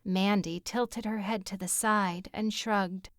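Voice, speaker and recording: A woman narrating an audiobook in a measured, even storytelling manner on a close mic. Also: medium pitch, no room sound. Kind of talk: scripted narration.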